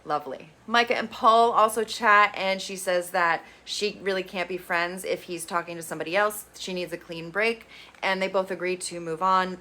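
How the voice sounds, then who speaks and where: A woman's voice: fairly low pitch, pushed and bright. A woman casually recapping reality TV episodes, blunt and sarcastic, swearing freely. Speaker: reality TV reviewer.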